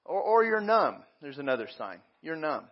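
A man's voice: a little high, sing-song, normal speed, muffled recording. A man preaching a sermon as a pastor, talking conversationally with frequent repeats and fillers.

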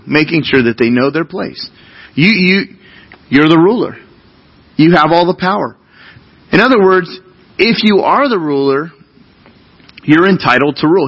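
A man's voice: a little high, breathy edge, highs cut off. A man preaching a sermon as pastor, talking to the congregation in an earnest, conversational way and asking them questions.

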